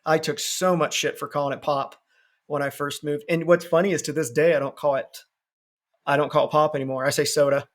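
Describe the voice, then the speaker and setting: A man hosting a podcast in casual chat, telling lively stories, swearing freely and laughing often. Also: a little high, brisk. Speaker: podcast host.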